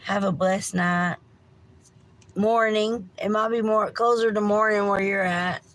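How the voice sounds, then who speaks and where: A middle-aged woman with a drawl talks slowly and unhurriedly on her livestream. She rambles through a casual rant, swears freely and keeps apologizing to her viewers. Her pitch sits in an ordinary middle range. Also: steady tone, fairly bright tone, low-quality recording. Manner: slow, meandering, apologetic, swearing. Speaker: livestream host.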